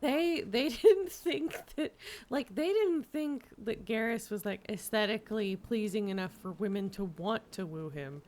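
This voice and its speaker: A woman's voice: mid-range voice, animated, unhurried, a little mellow. Playful giggly woman streamer. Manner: playful, giggly, sings silly tunes. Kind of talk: casual gaming stream chat.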